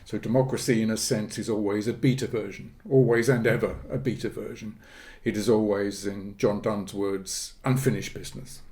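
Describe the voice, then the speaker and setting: Pitched on the low side, a middle-aged professor of politics explains concepts during a podcast interview in a steady, slightly mellow voice. He is measured and academic, with filler-laden pauses and restarted phrases.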